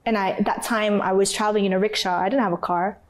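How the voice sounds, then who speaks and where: A woman from North Africa, an interview guest, telling her story in a candid, emotional and animated way. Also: mid-range voice, fast.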